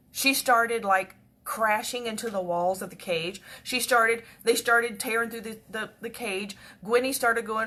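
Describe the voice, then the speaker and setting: A woman telling a personal story in a chatty, repetitive way that often drops to a hush. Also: a little high, moderate pace. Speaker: devotional speaker.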